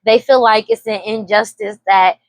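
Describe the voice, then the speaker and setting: A woman's voice: medium pitch, steady tone, normal speed, poor audio. A woman giving a casual tarot reading, rambling and repeating herself, now and then breaking into laughter. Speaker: tarot reader.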